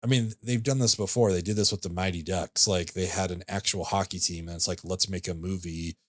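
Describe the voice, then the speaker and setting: A man's voice: sits low, steady tone, fairly quick, dry recording. A man co-hosting a podcast, chatting casually about a movie in a laid-back, rambling way with lots of fillers. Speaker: podcast co-host. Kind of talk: casual film review chat.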